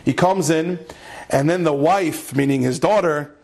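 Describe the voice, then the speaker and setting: A man's voice: on the high side, a little slow, vocal fry, husky. A man, a rabbi giving a Torah class, telling a story with lots of repetition and Hebrew and Yiddish terms mixed into his English, building up to an impassioned peak. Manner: animated storyteller, repeats phrases, rises to impassioned climax.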